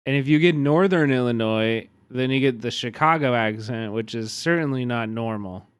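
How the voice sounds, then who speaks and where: A man with a Kansas City accent, commenting casually and profanely on a video during a live stream, given to excitable bursts of mock outrage. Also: medium pitch, moderate pace, clean tone, no echo. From Kansas City, USA.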